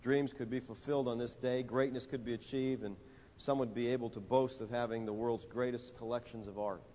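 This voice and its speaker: A man preaching a sermon, telling a story and building to emphatic, rising lines with dramatic pauses. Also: medium pitch, steady tone, mellow. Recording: dull audio in a reverberant hall.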